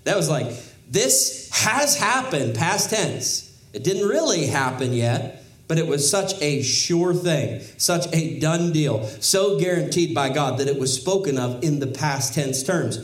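A man's voice: on the high side, lively intonation, measured pace, echoey room, rough recording. Man preaching a conversational sermon. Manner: conversational teaching with wry asides and emphatic rises. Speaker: pastor. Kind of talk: expository sermon.

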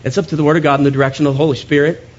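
Male pastor, slightly high voice, conversational sermon with quick jokes, dull lo-fi recording. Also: level tone. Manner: conversational and joking, with quick asides.

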